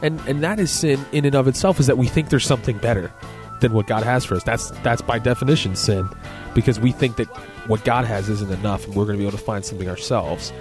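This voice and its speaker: A man talks on a faith radio show in a loose, meandering way, piling up fillers and little jokes. His pitch sits in a middle range for a man. A faint music bed plays behind him. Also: fast talker, few pauses. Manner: rambling, joking, lots of "you know". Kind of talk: casual faith talk on radio.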